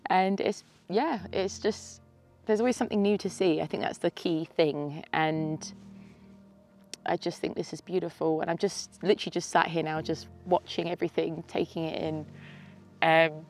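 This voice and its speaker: A woman in her thirties talks to camera from a mountain summit, her voice pitched a little low with a gravelly fry. She is teary and sniffly, sighing and laughing between her sentences. Soft music sits faintly beneath her. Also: fairly even intonation, normal speed. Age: 30s. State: teary with a snotty nose. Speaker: vlogger. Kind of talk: emotional casual vlog to camera.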